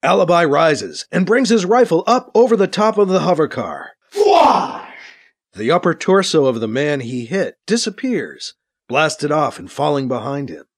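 A man's voice: fairly high pitch, moderate pace. A man narrating an action scene in an audiobook, voicing the sound effects himself. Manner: animated, with voiced sound effects.

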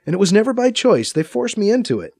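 A man's voice: high-pitched, sing-song, brisk, mellow, no room sound, studio quality, voice pushed up. A man voicing a sarcastic, defensive male ex-assassin.

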